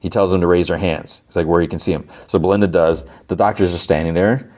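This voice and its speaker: A man's voice: deep voice, steady tone, quick pace, darkish tone. A man hosting a podcast, casually recapping an episode with lots of fillers and restarts. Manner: rambling, many fillers and restarts. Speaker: podcast host.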